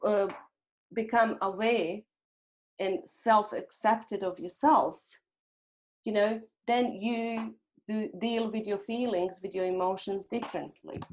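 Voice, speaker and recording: A middle-aged woman hypnotherapist talks in a gentle, reflective way, with a voice of ordinary middle pitch. She sometimes steps into short inner dialogues to show a point. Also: steady tone, slow pace. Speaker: hypnotherapist guest. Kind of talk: conversational interview.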